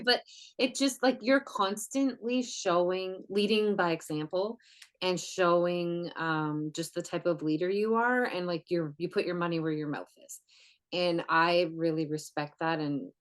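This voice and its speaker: A woman co-hosting a podcast, warmly praising her co-host in a casual, effusive way, with lots of "like". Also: fairly low pitch. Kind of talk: casual chat.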